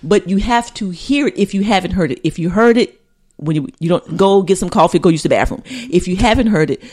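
Lady podcast host, low voice, chatty and playful, calls her cohost sis. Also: a little fast, darkish tone, breathy edge. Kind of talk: casual chat.

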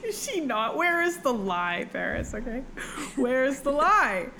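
Animated, swearing young woman chatting. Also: high voice, a little hiss or hum, rough recording. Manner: animated, swears freely, acts out characters in quick voices. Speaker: podcast co-host. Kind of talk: casual book-discussion chat.

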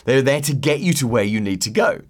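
A man hosting a solo podcast, talking casually and acting out phone calls in quick put-on voices. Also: mid-range voice. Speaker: podcast host.

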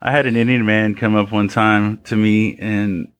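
A man's voice: lowish voice, level tone, moderate pace, clean tone. A man who works as an audio engineer, chatting casually on a podcast in a laid-back, teasing way and telling wry stories. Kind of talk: casual chat.

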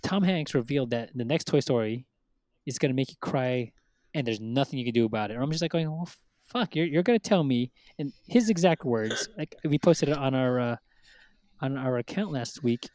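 A man's voice: medium pitch, lively intonation, moderate pace, a little mellow, no room sound. A man co-hosting a casual podcast chat, rambling with many fillers and acting out quotes. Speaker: podcast co-host.

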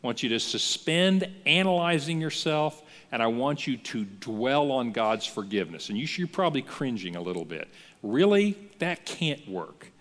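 A man preaching a sermon as a pastor, in a conversational, lively style that acts out the voices he quotes. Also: medium pitch, normal speed, few pauses, in a large hall. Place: church.

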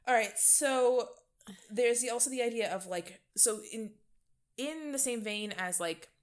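A woman's voice: a little high, unhurried. A woman co-hosting a casual talk show, blunt and profane, often mimicking people in a mocking voice. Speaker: podcast co-host. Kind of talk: casual chat.

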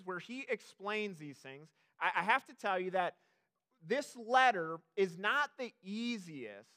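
A man's voice: sits high, pushed and bright. A young adult man preaching a sermon as pastor, chatty and self-deprecating, with many fillers and restarts.

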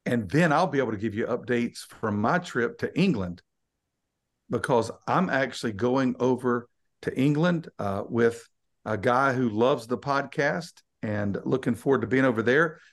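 A man co-hosts a podcast, teasing his friends and telling stories in a relaxed way. His voice sits in a middle pitch. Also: moderate pace. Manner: teasing, storytelling. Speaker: podcast co-host and preacher. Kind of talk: casual chat.

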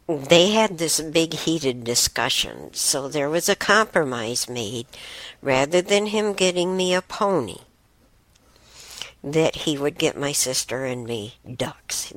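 Middle-aged woman, low voice, slow and rambling casual storyteller, dry close sound. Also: a bit bright, dry recording. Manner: unhurried, rambling with fillers and restarts. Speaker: host.

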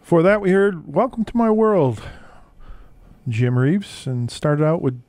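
A man hosting a radio music show, telling stories between records in a relaxed, halting way with many fillers. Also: fairly high pitch, no room sound.

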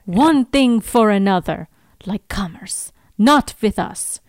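A woman voicing a brooding old male uncle sworn to vengeance, slow and hushed with a wandering put-on accent. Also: high-pitched, lively intonation, no echo, clean studio sound, voice pushed up. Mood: ominous.

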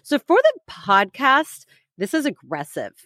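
A woman's voice: sits high, huge pitch swings, a little slow, fairly bright tone, no echo, studio quality. A woman in her thirties co-hosting a podcast in casual chat, teasing and rambling with lots of fillers and restarts. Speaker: podcast co-host.

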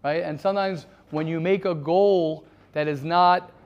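Man teaching a study class, fairly high voice. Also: steady tone, a little slow, dull audio. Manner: frequent restarts, Hebrew terms mixed in. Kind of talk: interactive lecture.

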